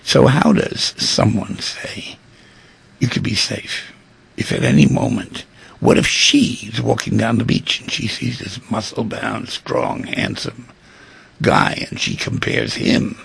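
A male radio call-in host delivering a preachy, animated monologue studded with rhetorical questions. His voice is heavily gravelly and husky, with a deep rasp running through it. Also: no echo.

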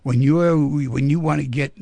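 Male radio call-in host, playful storyteller; husky, dry studio sound. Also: fairly high pitch, fairly even intonation, normal speed, dark tone, dry recording. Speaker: radio talk show host.

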